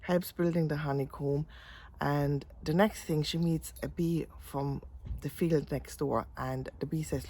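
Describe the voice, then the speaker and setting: A woman telling a gentle, chatty little story in a casual way. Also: low-pitched, fairly even intonation, unhurried, slight background noise.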